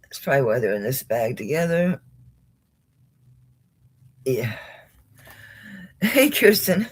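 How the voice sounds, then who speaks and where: A woman's voice: very deep voice, very animated, takes it slowly, breathy edge. A drowsy, yawning woman selling jewelry on a live stream at home, chatting casually and greeting viewers by name. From United States. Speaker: jewelry livestream seller. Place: home, indoors.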